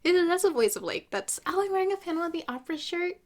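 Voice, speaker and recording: A woman's voice: extremely high pitch, lively intonation, quick pace. A woman giving casual gameplay commentary, chatty and opinionated, with jokey asides. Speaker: gaming YouTuber.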